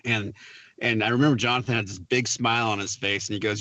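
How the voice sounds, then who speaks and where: Bright-voiced man telling a story. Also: lowish voice, a little fast, no echo, lo-fi sound. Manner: animated storyteller, acts out quotes with laughs. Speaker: film producer guest. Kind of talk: casual interview storytelling.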